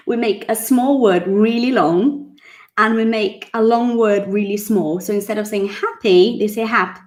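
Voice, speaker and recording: A woman, teaching English in a chatty, casual way and repeating words slowly so they can be drilled. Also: on the high side, darkish tone. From Brazil. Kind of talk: casual online English lesson.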